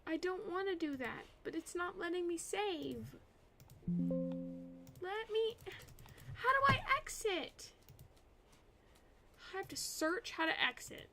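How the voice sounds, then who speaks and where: High bright young woman streamer, frustrated, muttering to herself while working. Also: expressive, measured pace, creaky, faint music behind. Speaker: art streamer. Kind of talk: casual live-stream chatter.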